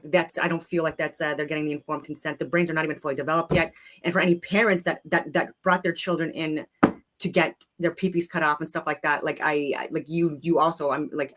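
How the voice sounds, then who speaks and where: A woman's voice: fairly low pitch, fairly bright tone. A woman delivering an agitated, unscripted rant, swearing heavily and rambling between points. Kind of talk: unscripted ranting monologue.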